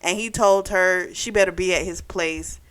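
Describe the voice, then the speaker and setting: A woman's voice: lowish voice, steady tone, normal speed, fairly bright tone, clean tone. A young woman recapping a novel for her book club channel, talking casually with lots of "like" and "you know". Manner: chatty, full of "like" and "you know".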